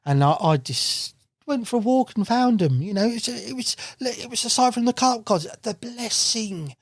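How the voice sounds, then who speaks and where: A man, a guest angler on a podcast, telling stories in a casual, animated way, swearing freely and acting out what people said. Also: very high-pitched, moderate pace, dry recording, clean studio sound. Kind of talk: casual storytelling chat. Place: podcast studio. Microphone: studio mic.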